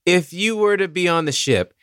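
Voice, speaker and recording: A man in an improvised comedy chat, halting and full of fillers. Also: sits high, expressive, a bit bright, clear, resonant tone, dry recording, clean studio sound. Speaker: improv player.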